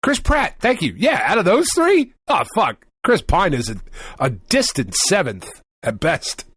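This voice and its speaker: A man co-hosting a gaming podcast, talking loosely and cursing as he goes. His voice sits on the higher side, and he breaks into laughter often. The sound is close and dry, with no room around it. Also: wildly swooping pitch, a little slow, a bit bright, slightly rough, dry recording. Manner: swears freely, laughs often. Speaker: podcast co-host. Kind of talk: casual chat.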